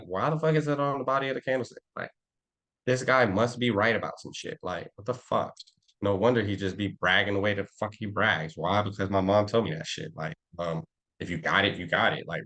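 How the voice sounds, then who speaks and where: A man's voice: on the low side, fairly bright tone. A young man teaching a live trading class with street slang, brash and boastful, swearing freely. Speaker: trading instructor.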